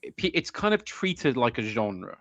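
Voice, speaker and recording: A man's voice: medium pitch, sing-song, unhurried, a bit bright, no echo, highs cut off. A man as a guest in a casual conversation, playful and teasing, often stammering into restarts. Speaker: podcast guest.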